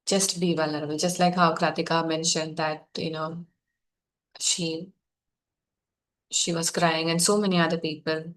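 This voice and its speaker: A woman facilitating a guided healing session, speaking softly, gently and encouragingly to her group. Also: fairly low pitch, fairly even intonation, normal speed.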